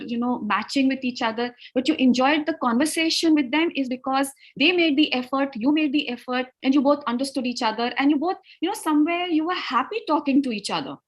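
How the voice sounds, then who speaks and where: A woman's voice: high voice, low-quality recording. A woman with an Indian English accent teaches spoken English over a video call, mixing in Hindi and coaching her students. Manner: mixes Hindi into English, asks students to try. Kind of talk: online class, coaching students.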